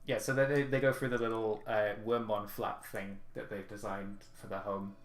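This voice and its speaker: A man's voice: lowish voice, little pitch movement, normal speed. A man narrating as game master in a casual, rambling way. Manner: casual, rambling, laughing often. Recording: roomy echo, faint music.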